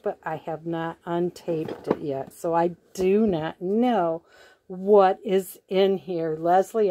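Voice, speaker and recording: Woman crafting vlogger, twang, unhurried and mellow, gushes and gasps over every little find. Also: fairly low pitch. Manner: gushing, gasps often with delight. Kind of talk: casual unboxing chat.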